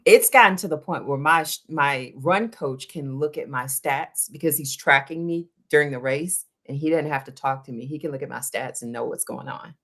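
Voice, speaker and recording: Low-voiced woman telling running stories. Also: moderate pace, few pauses. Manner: animated storytelling, acts out quoted dialogue. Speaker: guest, endurance runner. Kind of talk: casual interview conversation.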